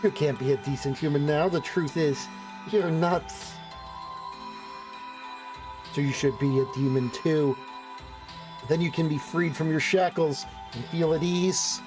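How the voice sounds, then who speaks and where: A streamer voicing a tempting shadowy demon in a visual novel, speaking in a low murmur with slow, sneering persuasion. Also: male voice, music in the background, natural voice. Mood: coaxing. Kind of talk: reading a game's dialogue aloud on stream.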